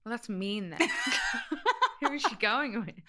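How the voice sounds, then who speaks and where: A woman's voice: fairly high pitch, wildly swooping pitch, slow, sharp tone. A woman, co-hosting a podcast in casual chat, chatty, laughing often and acting out quotes. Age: 30s. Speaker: podcast co-host.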